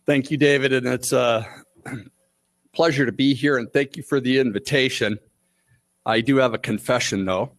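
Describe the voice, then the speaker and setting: A man presenting at a conference panel as a state forester, speaking in a measured way with occasional fillers and restarts. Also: mid-range voice, fairly even intonation, dry recording. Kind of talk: prepared conference talk. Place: conference room.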